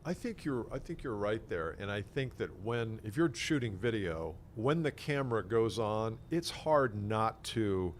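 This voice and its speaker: Low-voiced man musing on a podcast. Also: animated, measured pace, hardly any pauses, a little hiss or hum. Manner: reflective, makes points by acting out imagined clients. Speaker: podcast co-host and sales consultant. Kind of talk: casual conversational podcast.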